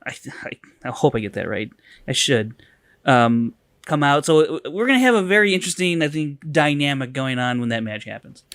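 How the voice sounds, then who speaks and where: A man's voice: mid-range voice, sing-song, brisk, fairly bright tone, no echo, studio quality. A man co-hosting a podcast in casual chat, cutting in with wry, playful remarks. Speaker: podcast co-host.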